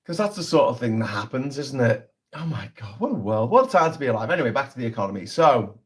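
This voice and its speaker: A man's voice: mid-range voice, big pitch swings, fast talker. A man hosting a casual political livestream, talking in a sarcastic, sweary, rambling way.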